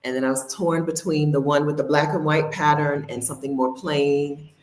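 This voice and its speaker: A woman's voice: low-pitched, fairly even intonation, normal speed, darkish tone, roomy sound, a little hiss or hum. A woman, chatting casually and laughing with her viewers during a livestream from her home. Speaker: host. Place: home near her refrigerator.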